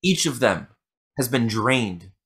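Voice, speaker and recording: A man's voice: medium pitch, animated, slow pace, fairly bright tone. A man voicing a grim Mrs. Claus. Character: weary Mrs. Claus, older woman, calm.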